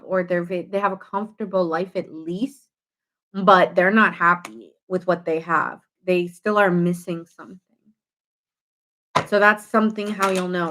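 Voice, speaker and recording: A woman giving a casual tarot reading, chatty and animated, full of fillers, acting out little quoted reactions. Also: mid-range voice. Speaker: tarot reader.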